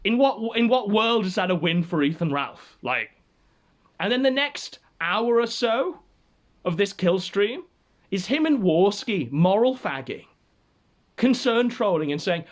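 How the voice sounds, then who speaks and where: A man's voice: sits high, animated, a little slow. A man hosting a livestream, giving sardonic, theatrical commentary. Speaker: show host.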